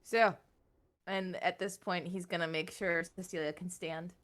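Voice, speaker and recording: A woman player at a tabletop game making quick joking remarks. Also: on the low side, fairly even intonation, fairly bright tone. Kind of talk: casual table talk.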